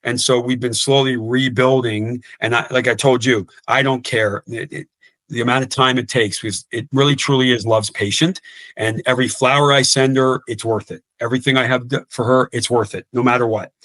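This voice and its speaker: Earnest guy in his 50s on a podcast, mid pitch, dry close mic, keeps restarting his sentences. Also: fairly even intonation, fairly quick, a bit bright, no echo. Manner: earnest, repeats words and restarts often. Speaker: guest coach. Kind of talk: podcast interview.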